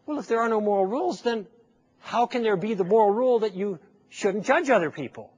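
A man's voice: high-pitched, lively intonation, brisk, darkish tone, breathy edge. A man giving a persuasive lecture to a live audience, telling a story and acting out both sides of a conversation with rhetorical questions. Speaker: public speaker.

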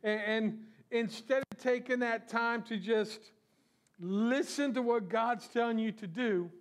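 A man's voice: very high-pitched, unhurried. A pastor preaching a sermon to his church in a conversational way, asking his listeners rhetorical questions. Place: church sanctuary.

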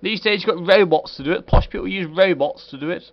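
A man's voice: sits high, fast talker. A man doing a comedic game review in a put-on posh voice, sarcastic and full of swearing. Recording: dull lo-fi recording with faint hiss.

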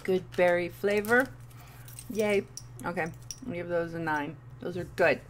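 A woman's voice: fairly low pitch, unhurried, slight background noise. A woman in her thirties doing a playful candy review vlog, with goofy asides. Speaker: vlogger.

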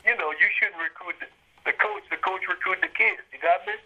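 A man's voice: sits high, brisk, sharp tone, slightly rough. An older man telling his story in an interview, emphatic and checking in with his listener. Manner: emphatic, acts out quoted people, checks in with "you got me?". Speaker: interviewee, retired college baseball coach. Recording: dull lo-fi interview recording.

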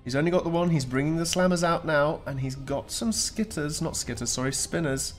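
A man's voice: on the high side, a little fast, faint music behind. A man commentating a strategy game replay, chatty and joking with playful asides.

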